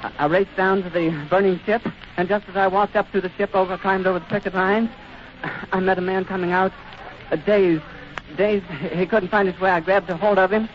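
A man's voice: high voice, fairly even intonation, fairly quick. A man reporting live on radio from outdoors at an airfield. He describes the scene vividly and with emphasis, and often stammers and restarts his sentences. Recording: muffled 1930s radio recording with faint hiss.

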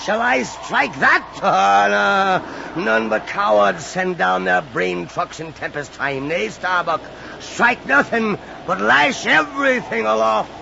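An actor playing an obsessed old whaling captain who speaks in grand, archaic phrases, in a radio drama. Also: male voice, high-pitched, slow pace, vocal fry, few pauses, noisy background, full character voice. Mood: defiant. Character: obsessed old sea captain, commanding and wild. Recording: dull lo-fi radio recording.

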